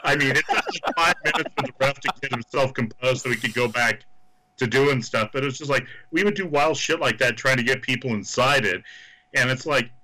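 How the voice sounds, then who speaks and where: Casting note: male wrestler guest, bright forceful voice, rowdy cursing storyteller. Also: medium pitch, brisk, a little hiss or hum, low-quality recording. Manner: rambling, profane, excitable storyteller. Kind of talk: casual storytelling.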